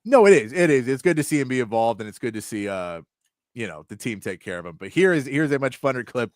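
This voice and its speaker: A man's voice: mid-range voice, expressive, fast, no room sound, clean studio sound. A Texan man hosting casual sports talk, telling stories chattily and laughing as he goes. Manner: chatty storyteller who laughs as he talks. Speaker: sports talk show host.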